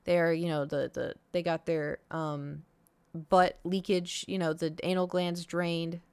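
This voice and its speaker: A woman's voice: lowish voice, little pitch movement, measured pace, darkish tone, clean tone, no echo. A woman streamer telling a long casual story to her chat, rambling with lots of fillers and acting out what others said. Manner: rambling, lots of "like" and "um", acts out quoted voices.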